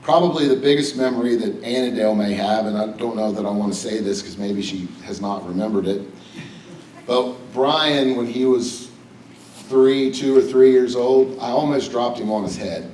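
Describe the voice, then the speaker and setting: A man's voice: mid-range voice, normal speed, a little mellow, distant mic, slight background noise. A middle-aged man from West Virginia giving a personal, joking hall of fame acceptance speech at a podium. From West Virginia, USA. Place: banquet hall with audience. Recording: echoey hall, speaker a bit off mic.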